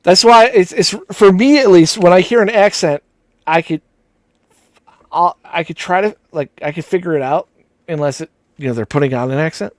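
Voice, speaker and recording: A man's voice: sits high, moderate pace, no echo. A man co-hosting a live stream, rambling in casual, profane banter and laughing often. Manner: rambling, profane, laughs a lot, mimics accents. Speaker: co-host of a live show.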